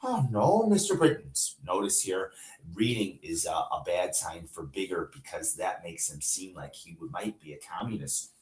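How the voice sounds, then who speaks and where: A man's voice: low voice, moderate pace. A male teacher reading a novel aloud to his class, with short asides to the students. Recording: echoey room.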